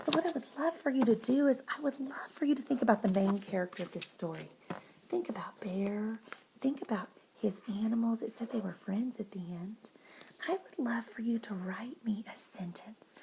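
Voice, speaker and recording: A woman teacher reading a picture book to young children, expressive and often dropping to a whisper. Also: medium pitch, creaky, slightly rough.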